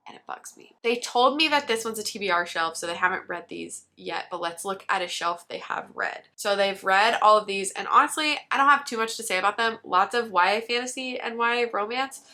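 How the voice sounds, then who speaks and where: A woman's voice: mid-range voice, fairly quick, few pauses, sharp tone. A young woman book vlogger giving casual comedic commentary, teasing playfully.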